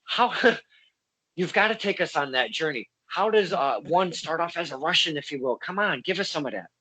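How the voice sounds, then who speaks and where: Man, host, excitable, swears, bright forceful voice, lively pitch. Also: normal speed, slightly rough, low-quality recording. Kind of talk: casual interview chat. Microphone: video call.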